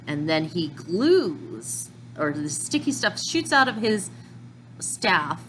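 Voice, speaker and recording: A woman casually recapping manga chapters in a chatty, excitable way, with slips and restarts. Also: lowish voice, a little hiss or hum, rough recording. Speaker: manga reviewer.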